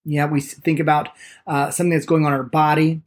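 A man teaching a podcast lesson on meditation, enthusiastic and quick to speed up, acting out the excuses people give. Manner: enthusiastic, speeds up when excited; lively pitch, acts out people's excuses.

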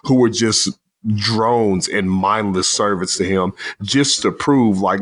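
A man with a fairly low voice talks through a film in a loose, rambling way. He gets animated and lets the odd swear word slip, like someone chatting with friends on a podcast. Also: slow. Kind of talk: casual movie discussion.

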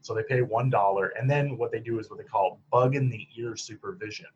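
A psychologist from Michigan's Upper Peninsula tells stories as a guest in a casual interview. His mid-range voice is slightly rough and a little fast, and he's chatty, full of fillers, and laughs at his own stories. The sound is dull and lo-fi.

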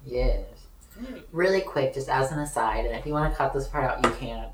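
A man playing a tabletop game, chatting in an animated way with laughing asides. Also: medium pitch, normal speed. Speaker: player. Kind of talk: tabletop role-play chat. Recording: distant, echoey, with loud noise.

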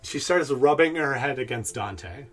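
A man narrating as game master of a tabletop game, relaxed and dotted with pauses. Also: mid-range voice, faint music behind.

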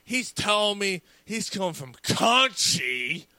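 A man's voice: high-pitched, very animated, slow, bright, forceful tone, dry recording. A man co-hosting a podcast, telling a story in casual banter, swearing a lot, laughing and acting out what people said. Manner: profane, laughing, acts out quotes. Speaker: podcast co-host.

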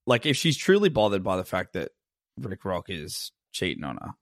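Guy with a lowish voice riffing and doing little bits, dry room sound. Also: very animated, moderate pace, creaky, no room sound. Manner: rambling, playfully acts out bits. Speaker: podcast co-host. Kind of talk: casual comedic banter.

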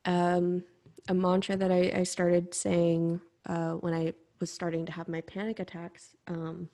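A young woman hosting a podcast, talking candidly and reflectively in a halting personal monologue. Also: on the low side, monotone, dark tone. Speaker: podcast host.

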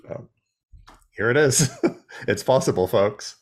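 Animated, laughing podcast co-host man. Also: mid-range voice, slow pace. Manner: animated, laughs often, slips into goofy character voices. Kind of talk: casual review chat.

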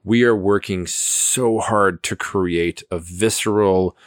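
A man with a very low voice co-hosts a laid-back film review podcast, agreeing often and chiming in readily. The recording is close and dry, with no room sound at all. He talks in long, rambling stretches. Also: fairly even intonation, slow, no room sound. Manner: agreeable, chimes in with frequent yeses. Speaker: podcast co-host. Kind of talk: casual movie review chat.

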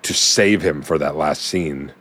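A man co-hosting a casual podcast chat, joking with quick asides. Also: rumbling low, a bit bright, husky. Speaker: podcast co-host.

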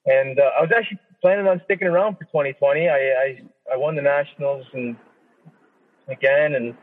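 A man's voice: medium pitch, a little fast. A man from Canada, a professional boxer, telling his story in a casual interview, swearing often and acting out his own thoughts. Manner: profane, animated storytelling with quoted inner speech. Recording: tinny phone-line audio with long reverb.

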